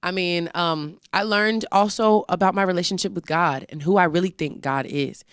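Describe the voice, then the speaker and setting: A woman's voice: on the low side, normal speed, clean tone, dry recording, clean studio sound. A young woman in a casual interview, telling her story with life and acting out what she and others said. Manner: animated storytelling, acts out her own quotes. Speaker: interview guest, singer.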